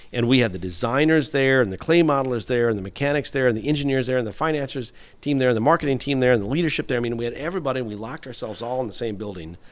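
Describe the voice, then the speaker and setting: A man in his fifties, a guest on an interview show, telling long stories with loose, rambling phrasing and many fillers. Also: mid-range voice. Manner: rambling, anecdotal, frequent "you know" fillers. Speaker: guest, former automotive engineer. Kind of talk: storytelling interview answers.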